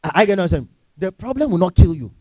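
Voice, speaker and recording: A man's voice: high-pitched, big pitch swings, quick pace, a little mellow, no echo. A man preaching a sermon in a church, emphatic and full of rhetorical questions to the congregation. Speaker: pastor.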